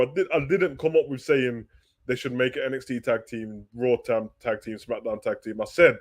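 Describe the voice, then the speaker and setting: A man hosting a live wrestling talk stream, reading viewer questions aloud and answering them in loose, slangy, animated chat. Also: mid-range voice. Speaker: wrestling talk show host.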